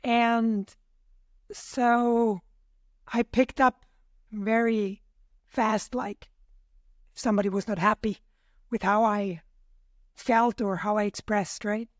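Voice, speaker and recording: A woman from Austria, German being her first language, speaks slowly with long pauses in a medium-pitched, fairly even voice. As a podcast guest in a reflective personal conversation, she shares her experiences hesitantly, using many fillers. The studio sound is clean, with no room sound.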